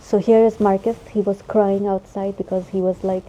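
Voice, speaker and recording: Mellow-voiced woman rambling through a perfume review, chatty, keeps getting sidetracked. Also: mid-range voice, little pitch movement, moderate pace, few pauses, dull audio. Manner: chatty, rambling, distracted by her cat. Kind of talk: casual review vlog.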